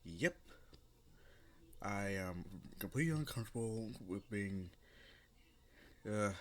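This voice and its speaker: A man's voice: on the low side, animated, takes it slowly. A man voicing a flustered, easily embarrassed teenage girl in a homemade spoken fan story, nervous and protesting. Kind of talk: amateur story narration with voiced characters.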